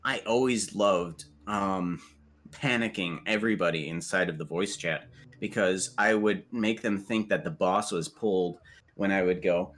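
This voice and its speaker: A man's voice: low voice, a little slow, a bit bright. A man chatting casually as a podcast guest, rambling and jokey with lots of fillers.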